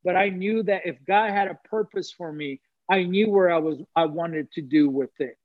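A man's voice: high-pitched, moderate pace, no echo, narrow, tinny audio. A man giving an emotional personal testimony on a talk show, earnest and preacherly, repeating phrases for emphasis. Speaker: guest sharing testimony.

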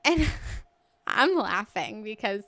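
A woman's voice: medium pitch, sing-song, slow, creaky, a bit bright, no room sound. A woman co-hosting a podcast, telling a story in casual chat and acting out the people in it. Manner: storytelling with laughs, acting out others. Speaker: podcast co-host.

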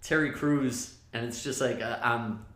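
A man's voice: medium pitch, fairly even intonation, unhurried, a bit bright, roomy sound. A man co-hosting a casual hockey podcast, easygoing and agreeable, often laughing along. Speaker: podcast co-host.

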